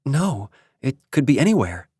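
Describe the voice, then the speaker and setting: A man's voice: medium pitch, big pitch swings, normal speed, mellow, slightly rough, no echo, clean studio sound, voice pushed up. A man voicing a distraught mother who speaks in a raised, strained way.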